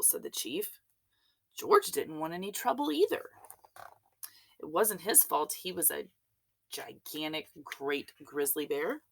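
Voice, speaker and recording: A woman reading a children's storybook aloud in an expressive, unhurried way. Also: deep voice, gravelly.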